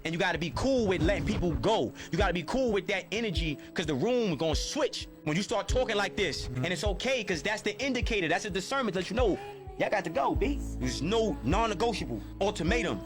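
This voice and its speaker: A man with a high-pitched voice delivers a blunt, profane motivational monologue. He drives his points home by repeating phrases, with clear music playing behind him. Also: lively intonation, fairly quick.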